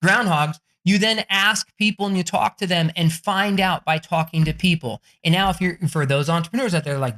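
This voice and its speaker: A man speaking as a podcast guest, giving energetic advice in a brash, profane way. He acts out the people he quotes. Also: high-pitched, a little fast, hardly any pauses. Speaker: guest author.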